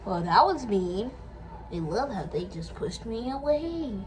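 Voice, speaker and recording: Soft background music plays as a woman with a slightly high voice and big pitch swings speaks a little slowly. As channel creator, she role-plays with paper cats, chatting to them and replying in their bickering voices in a playful back-and-forth.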